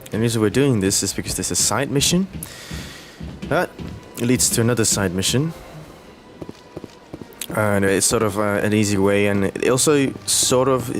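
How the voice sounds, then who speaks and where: A young man hosting a let's play, commenting on gameplay in a relaxed, rambling way with hesitant fillers, over game audio. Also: on the low side, normal speed, soft background music.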